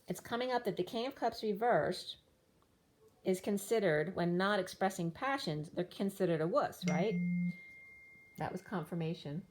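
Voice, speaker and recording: A woman's voice: fairly low pitch, expressive, normal speed. A woman giving a tarot reading, listing card meanings in loose fragments while losing her voice. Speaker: tarot reader.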